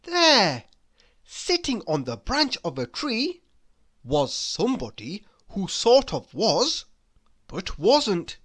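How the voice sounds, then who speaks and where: Children's read-aloud storyteller, female; unhurried and bouncy, playful and teasing with the listener. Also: mid-range voice, wildly swooping pitch, fairly bright tone.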